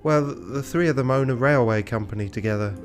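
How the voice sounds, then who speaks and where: A man's voice: mid-range voice, fast, soft background music, voice pushed up, lightly acted. A man voicing a naive young female cat heiress with a prim, sing-song manner, his voice raised a little. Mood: sweet.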